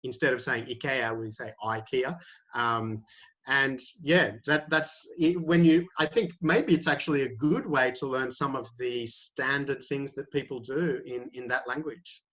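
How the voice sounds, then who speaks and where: Hesitant teacher on a call. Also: male voice, mid-range voice, normal speed, fairly bright tone. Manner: hesitant, many fillers and restarts. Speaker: IELTS teacher. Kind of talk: answering questions in a webinar. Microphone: video call.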